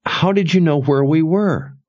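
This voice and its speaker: A man raising his voice into an earnest young woman, quick to question. Her voice sits well above his usual low register. The dry, slightly dull audiobook recording gives a close sound. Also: a little mellow. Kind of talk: audiobook character voice.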